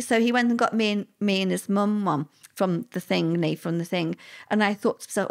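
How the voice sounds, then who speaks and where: A woman's voice: medium pitch, fairly quick. A middle-aged woman, telling a personal story as an interview guest, chatty and repetitive. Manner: conversational, repeats words, lively quoted voices.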